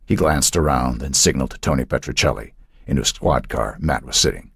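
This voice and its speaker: A man narrating an audiobook in an expressive, suspenseful storytelling manner. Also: extremely low pitch, brisk, vocal fry, husky, dry recording, clean studio sound.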